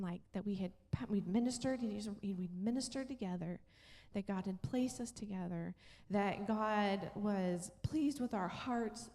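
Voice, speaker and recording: A woman's voice: mid-range voice, darkish tone. A middle-aged woman pastor telling a story in a sermon, acting out the voices of the people in it. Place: church sanctuary. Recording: long church hall reverb.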